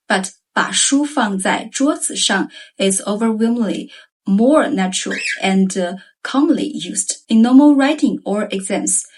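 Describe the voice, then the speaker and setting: A woman with a medium-pitched voice teaches Chinese grammar in a scripted lesson. She reads the example sentences slowly and carefully.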